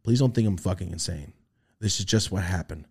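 A man's voice: brisk, gravelly, breathy edge. A young man on a podcast telling a story in casual chat, swearing freely and acting out the voices he quotes. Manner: animated, swearing, acts out quoted voices in a high pitch. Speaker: podcast host.

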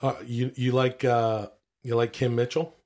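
A man from Canada, co-hosting a comedy podcast in loose, rambling banter, a bit hoarse and quick to swear. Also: medium pitch, little pitch movement, a little mellow. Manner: rambling, profane, restarts his stories. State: slightly hoarse. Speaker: podcast co-host.

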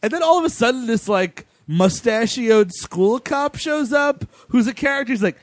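A man's voice: extremely high pitch, expressive, normal speed, dry recording. A man casually recapping a movie plot, joking and retelling scenes with mock quotes and swearing. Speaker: podcast co-host. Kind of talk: casual chat reviewing a movie.

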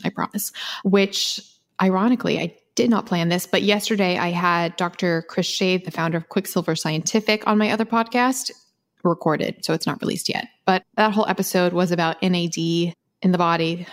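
A woman co-hosting a podcast, talking casually and quickly with frequent laughs and restarts. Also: lowish voice. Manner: chatty, fast, laughs often, many restarts. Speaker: podcast co-host.

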